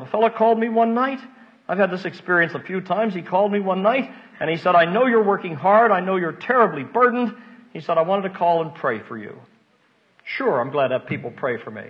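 An older man preaching a folksy, emotional sermon, moving between hushed asides and loud emphasis. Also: fairly high pitch, expressive, fast talker. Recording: dull lo-fi recording.

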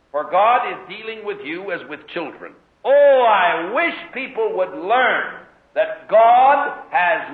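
A man preaching a sermon, telling stories and acting out the voices in them. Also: high-pitched. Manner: animated storytelling, acts out voices in quotes. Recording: phone-like lo-fi echoey hall recording. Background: congregation heard responding.

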